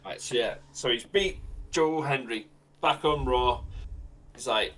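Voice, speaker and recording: A male podcast host telling a made-up wrestling storyline, animated and improvising as he goes. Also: mid-range voice, unhurried, long pauses. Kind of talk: fantasy-booking storytelling.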